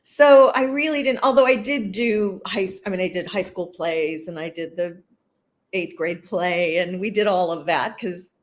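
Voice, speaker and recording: A woman's voice: lowish voice, normal speed. A woman in her sixties from California, an actress being interviewed, chatting and laughing easily while reminiscing. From California, USA. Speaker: actress guest. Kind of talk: casual interview conversation.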